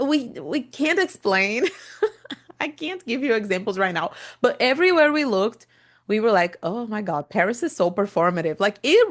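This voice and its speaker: A woman's voice: fairly high pitch, a bit bright. A young woman with a Brazilian Portuguese accent, a native Portuguese speaker, chatting enthusiastically as a podcast host, with many fillers and restarts. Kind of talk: casual podcast monologue for English learners.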